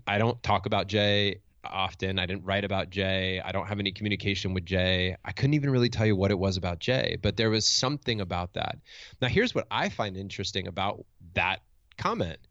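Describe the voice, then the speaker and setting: A man's voice: sits low, gravelly, fairly bright tone, dry recording. A middle-aged man, a motivational speaker and coach, telling a personal story in conversation in a reflective, earnest way with frequent restarts, on a dull, dry lo-fi recording.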